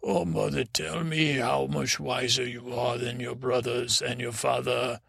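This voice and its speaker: A dreamy, easily confused young prince, played by a man drifts through a rambling sleep-story monologue. His voice is deeply gravelly and sits in a middle pitch. He halts and restarts constantly, and the sound is close and dry. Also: level tone, fairly bright tone, no echo, heavily acted. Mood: wistful. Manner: halting and rambling, full of restarts and retold dialogue. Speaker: podcast host.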